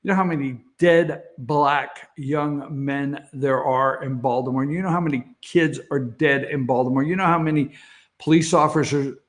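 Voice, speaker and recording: A man's voice: medium pitch, fairly even intonation, moderate pace. A man hosting an opinionated morning talk show from an office, blunt and sarcastic, chuckling between self-mocking asides to the camera. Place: office studio. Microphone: facing a camera.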